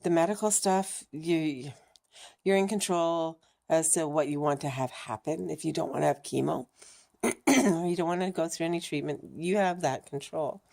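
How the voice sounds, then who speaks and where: A middle-aged woman chatting casually to camera in her vlog, frank and animated, laughing often and swearing now and then. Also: deep voice, gravelly. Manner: animated, laughing, mimics racing thoughts with fast chatter. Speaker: vlogger sharing her cancer journey.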